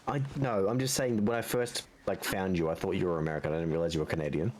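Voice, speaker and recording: A man's voice: low-pitched, fairly even intonation, fast, darkish tone, slight background noise. A man chatting on a live stream, joking and teasing his friends. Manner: teasing, jokey. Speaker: guest co-streamer. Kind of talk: casual live-stream chat.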